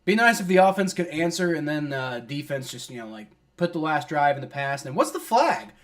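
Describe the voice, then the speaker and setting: A man's voice: on the high side, very animated, a little fast, fairly bright tone. A man giving live play-by-play of a football game as a fan, exasperated, complaining and swearing casually. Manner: exasperated, complaining at refs and players; swears casually, many fillers like "like". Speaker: fan streamer doing play-by-play.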